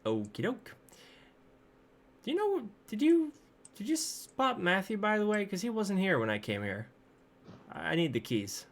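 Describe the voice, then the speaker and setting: A man's voice: high-pitched, wildly swooping pitch, measured pace, pauses often, voice pushed up, heavily acted. A man voicing a cheerful, slightly flustered small-town woman in a tabletop game. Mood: chatty. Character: chipper small-town woman clerk, friendly, sleepy.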